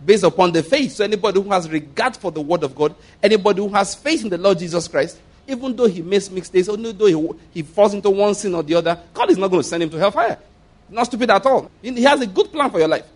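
Emphatic high-voiced male pastor preaching. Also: quick pace. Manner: emphatic, repetitive, rhetorical questions. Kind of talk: sermon.

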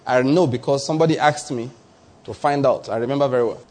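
A Nigerian man preaching a sermon as pastor, lively and conversational, acting out small voices and often checking that the listener follows. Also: medium pitch, quick pace.

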